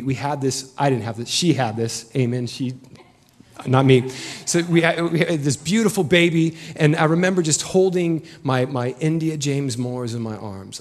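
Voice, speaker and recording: Pastor, male, 30s, relaxed storytelling sermon delivery, mid pitch. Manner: casual, storytelling, joking asides.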